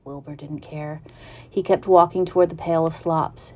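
A woman reading a children's storybook aloud in an even, unhurried narrating manner. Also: sits low.

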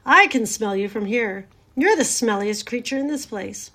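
A woman's voice: a little high, expressive, moderate pace, a bit bright. A woman voicing a rude young lamb who speaks bluntly and mockingly.

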